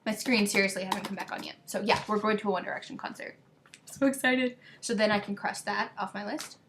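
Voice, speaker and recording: A teenage girl from the United States, chatting excitedly to camera in a rambling, scattered way. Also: mid-range voice, brisk, a little hiss or hum. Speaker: vlogger. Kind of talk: casual chat to camera.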